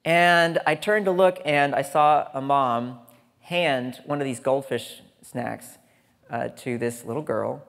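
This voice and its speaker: A man's voice: medium pitch, slow pace, gravelly. A man giving a humorous conference talk, chatty and joking, with asides to the audience. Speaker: conference speaker. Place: large lecture hall stage. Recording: hall reverb on a stage talk.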